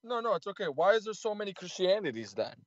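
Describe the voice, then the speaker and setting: A man calling into a debate, speaking haltingly and searching for his words. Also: high-pitched, big pitch swings, muffled recording.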